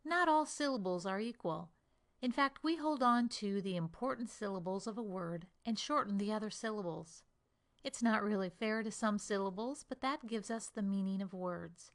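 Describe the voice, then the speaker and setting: American female accent coach, measured and deliberate delivery, exaggerates stress for demos. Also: mid-range voice. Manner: slow, deliberate, exaggerating syllables for demonstration. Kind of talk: pronunciation lesson.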